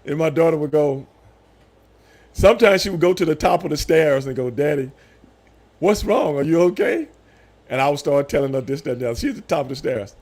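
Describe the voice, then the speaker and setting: A man in his fifties chatting casually on a live stream, telling animated stories with loud voiced outbursts. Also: on the high side, fast. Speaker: streamer host.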